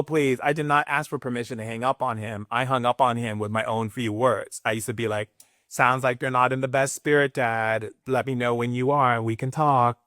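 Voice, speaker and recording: A man talks as a spiritual teacher, sassy and emphatic. His voice sits at an ordinary middle pitch, and he throws in playful asides. The sound is dry and close, with little room around it. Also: a bit bright, dry recording. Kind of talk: live spiritual talk.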